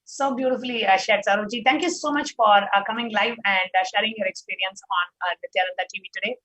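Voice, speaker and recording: A woman's voice: mid-range voice, quick pace, fairly bright tone, rough recording. A woman hosting a live show who talks in an effusive, gushing way. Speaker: host.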